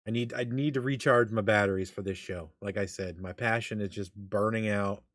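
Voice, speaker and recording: Earnest male stream co-host, low voice. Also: fairly even intonation, moderate pace, fairly bright tone, no room sound, studio quality. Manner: earnest, heartfelt. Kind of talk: casual live chat.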